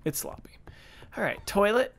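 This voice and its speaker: A man's voice: high voice, animated, moderate pace, vocal fry, fairly bright tone. A man giving casual let's-play commentary, chatty and self-mocking, talking to the game's characters. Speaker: gaming YouTuber.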